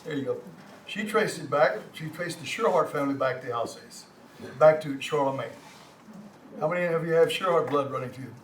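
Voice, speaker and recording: An older man with a Texan accent lectures a community class from slides, stumbling over and repeating words, with folksy asides. His voice sits a little high and reaches the mic from across an echoing room, with faint background hum. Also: normal speed, distant mic. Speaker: language class teacher.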